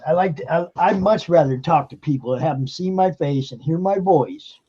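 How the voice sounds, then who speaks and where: A man's voice: a little high, moderate pace, dark tone, slightly rough, muffled recording. A man hosting a live stream, talking casually and emphatically with lots of fillers and swearing. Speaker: streamer and show host. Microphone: computer mic on a live stream.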